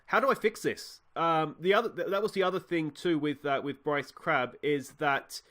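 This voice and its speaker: Australian male let's play host, slightly high voice, relaxed rambling delivery. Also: moderate pace. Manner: chatty, lots of "uh" and "mate". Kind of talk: casual game commentary.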